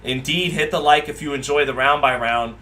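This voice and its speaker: A man's voice: medium pitch, fairly even intonation, fairly quick, bright, forceful tone. A man giving live round-by-round boxing commentary, chatting casually and reading viewer comments aloud.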